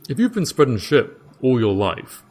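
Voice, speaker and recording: Here is a man voicing a mellow, tipsy village jailer who rambles in a chatty way. His voice sits higher than the narrator's own low one. He keeps dropping "mate" into his talk. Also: very animated, takes it slowly, slightly rough, full character voice. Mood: musing. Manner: chatty, says "mate" a lot.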